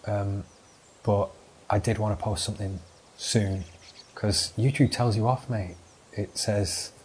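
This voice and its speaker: A man's voice: lowish voice, a little mellow, slight background noise. A young British man hosting his own podcast, telling a long, sweary anecdote in a loose, rambling way. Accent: British English. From Britain. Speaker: podcast host. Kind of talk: solo rambling storytelling monologue.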